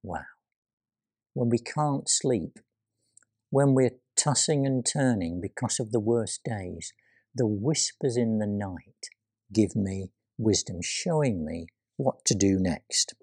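Slow, dry-voiced male preacher. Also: fairly low pitch, animated, husky, no echo. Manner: slow, dramatic delivery with quoted voices and hushed asides. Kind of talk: sermon.

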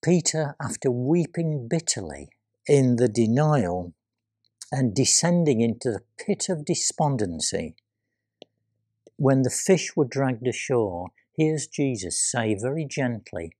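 A male preacher delivers a sermon at an unhurried, deliberate pace. He voices quoted speech with sudden drops to a hush. The sound is dry and close, with no room echo. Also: medium pitch, expressive, husky. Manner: slow, dramatic delivery with quoted voices and hushed asides.

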